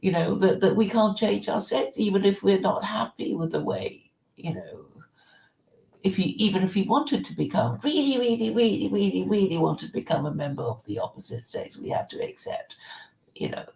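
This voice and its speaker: A woman hosting a casual discussion in a gravelly voice with some vocal fry. She speaks hesitantly, often repeating words as she works out her point. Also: medium pitch, lively intonation, moderate pace, a little mellow, echoey room. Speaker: host.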